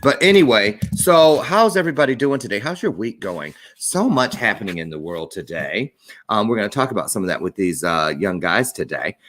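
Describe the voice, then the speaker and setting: A man's voice: lowish voice, sing-song, brisk, a bit bright. A middle-aged man hosting a live-streamed talk show, chatty and playful with jokey asides.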